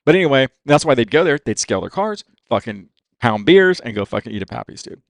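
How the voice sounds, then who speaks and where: A man in his fifties, a racer from California, telling stories on a podcast in a profane, animated way and saying "dude" all the time. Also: medium pitch, fast talker, gravelly, no echo. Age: 50s. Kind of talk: casual storytelling.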